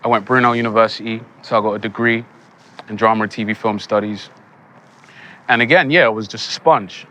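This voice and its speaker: Young actor guest, bright tone, lively and laughing, light room noise. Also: male voice, fairly low pitch, a little fast. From England. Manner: animated, laughs often, acts out quoted lines. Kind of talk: casual interview storytelling.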